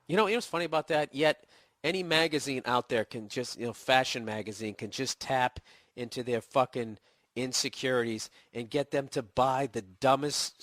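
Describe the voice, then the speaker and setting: A man's voice: mid-range voice, a bit bright, no echo, studio quality. Blunt, swearing man with a cold. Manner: blunt, swearing, sarcastic asides. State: getting over a cold, voice cracking. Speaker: podcast host answering a listener email. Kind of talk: casual profane comedic rant.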